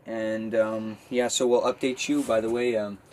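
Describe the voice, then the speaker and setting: A young man tells a story from a camper at night, rambling and nervous, tripping over his words with many fillers. His voice stays flat, with little rise or fall. A faint noise sits under the recording. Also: lowish voice, normal speed, poor audio. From Quebec, Canada. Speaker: vlogger. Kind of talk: casual vlog storytelling. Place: outdoors.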